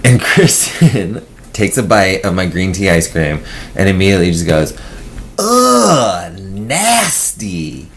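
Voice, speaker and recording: A man's voice: low voice, normal speed, a little hiss or hum. A man co-hosting a podcast, telling a story in a casual chat, laughing often and acting out the voices of people in it. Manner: animated, laughing, acts out quotes.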